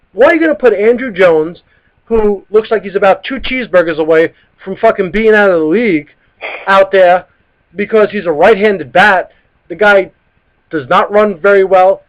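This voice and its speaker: A New man in his thirties hosts a live sports talk stream, ranting hot and swearing freely. His voice sits fairly high. The sound is muffled and lo-fi, like a cheap webcast. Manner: heated, profane ranting. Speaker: sports talk show host. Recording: dull lo-fi live stream audio.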